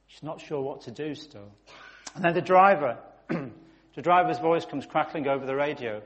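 A man preaching, telling a story vividly and with emphasis, often surging louder. His voice sits a little higher than most men's. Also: normal speed. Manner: vivid, emphatic storytelling with sudden loud rises. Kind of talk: sermon storytelling.

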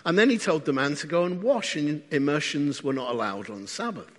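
A man's voice: fairly high pitch, animated, a little fast. A man preaching a sermon in a conversational way, often asking the congregation questions. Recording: long hall reverb.

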